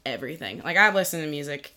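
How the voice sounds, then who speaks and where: A woman's voice: sits low, animated, quick pace, bright, forceful tone. A young adult woman, a singer, chatting as a podcast guest, giggly and saying "like" a lot. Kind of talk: casual chat.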